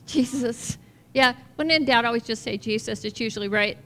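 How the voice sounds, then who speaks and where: A woman's voice: fairly high pitch, normal speed, sharp tone. A woman pastor preaching a conversational sermon to her congregation in a church, asking them questions along the way. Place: church sanctuary. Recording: reverberant hall, faint noise, level drops midway.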